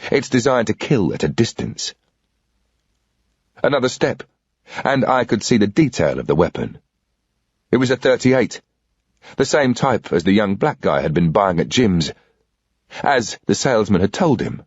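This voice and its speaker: A husky man reads a thriller audiobook in a tense, matter-of-fact voice. His pitch is lowish but rises and falls a lot. The sound is dry and a bit dull. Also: darkish tone, dry recording. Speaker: audiobook reader. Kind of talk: scripted audiobook narration of a thriller.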